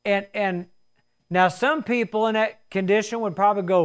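A man's voice: high voice, moderate pace, smooth. A man preaching a sermon in an earnest, repetitive way, often restarting his words.

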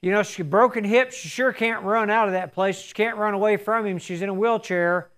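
Brief: man, preacher, earnest testimony, fervent, high voice. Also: brisk, fairly bright tone. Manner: earnest storytelling, rising to fervent emphasis. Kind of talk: sermon with personal testimony.

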